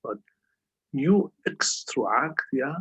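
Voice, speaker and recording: A man's voice: medium pitch, lively intonation, extremely slow, fairly bright tone, breathy edge. A man teaching a calculus lesson over a video call, who keeps checking understanding with a questioning "yeah?". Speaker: math tutor.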